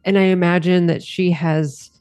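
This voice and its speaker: A woman playing a tabletop game, speaking slowly and hesitantly with fillers. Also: on the low side, flat delivery, a little mellow, no echo. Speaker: player. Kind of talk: casual tabletop play.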